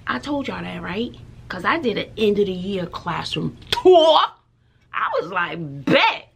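A middle-aged woman talks straight to her viewers in a chatty vlog. Her voice has a gravelly edge, and she takes her time. She tells her stories with drama and often drops to a hushed aside. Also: mid-range voice, sing-song, measured pace. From Texas. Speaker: schoolteacher and mother. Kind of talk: casual chatty vlog storytelling.

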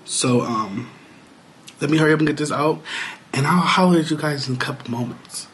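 A man's voice: a little high, brisk, a bit bright, a little hiss or hum. A man talking casually to his viewers in a home vlog, playful and loose with slang and fillers. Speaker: vlogger. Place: home, at his computer and kitchen.

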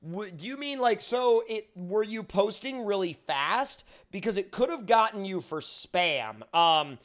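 Chatty high-voiced male game streamer. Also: expressive, measured pace, fairly bright tone. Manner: chatty, reads chat aloud, many fillers. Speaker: gaming livestreamer. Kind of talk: casual live gameplay commentary.

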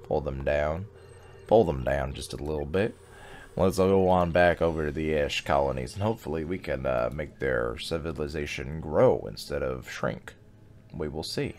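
A man's voice: a bass voice, normal speed, darkish tone, slight background noise. A man hosting a casual gaming video, chatting and reading game text aloud as he plays. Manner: chatty, reacts aloud and sings snatches of songs.

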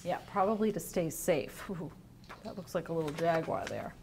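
A woman teacher reading a picture book aloud to young children, drawing out the words and pausing to ask them questions. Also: deep voice, sing-song, vocal fry, a little hiss or hum. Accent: New England. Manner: gentle, drawn-out reading, asks children questions. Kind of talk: storybook read-aloud lesson. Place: at home.

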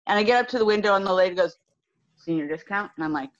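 A woman's voice: medium pitch, racing. A woman in her fifties telling a wry story as a trivia player on a video call. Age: 50s. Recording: dull lo-fi call with background noise.

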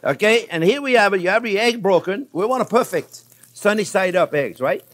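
Chatty older man teaching at the stove. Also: brisk. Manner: chatty and reassuring, calls viewers friends; lively pitch swings, laughs at his own slips. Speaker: cooking show host and chef. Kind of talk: casual cooking demonstration.

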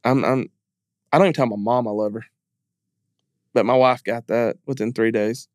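A man's voice: medium pitch, steady tone, normal speed, no echo, studio quality. A man speaking as a podcast guest in a candid interview, earnest and emphatic, repeating phrases as he talks openly about grief.

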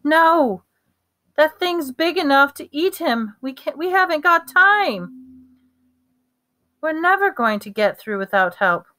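A woman's voice: medium pitch, sing-song, moderate pace, few pauses, sharp tone. A woman voicing an urgent teenage boy wizard, grim and panting.

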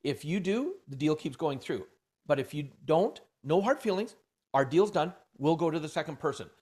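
Animated man telling a story. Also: on the high side, moderate pace, husky. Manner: animated storyteller, acts out dialogue. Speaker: podcast guest.

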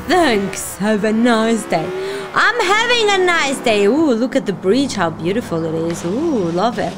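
Excitable woman reacting to a game. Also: on the high side, measured pace, background noise. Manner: excitable, exclaiming and swearing at the game. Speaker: gaming channel host. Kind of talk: casual let's-play reaction commentary. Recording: game sounds under voice.

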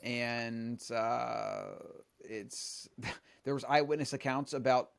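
A man talks in a casual podcast chat, bragging and rambling through a story with many restarts. His pitch sits in an ordinary middle range. The sound is dry and close. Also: steady tone, slow pace, gravelly, smooth, no room sound. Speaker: podcast host.

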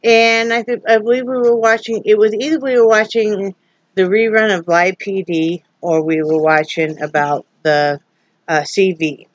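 A woman's voice: mid-range voice, fairly even intonation, moderate pace, no room sound, lo-fi sound. Chatty middle-aged woman vlogging from home. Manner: chatty and homey, with laughs and asides. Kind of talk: casual chat to camera. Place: home, indoors. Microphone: phone or camera on a ring light.

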